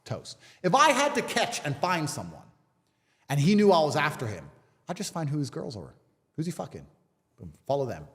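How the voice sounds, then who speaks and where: A man's voice: a little high, huge pitch swings, normal speed, fairly bright tone, big-room sound. A man from England, a guest talking with emphatic, repetitive rhetoric in a podcast conversation. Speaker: interview guest.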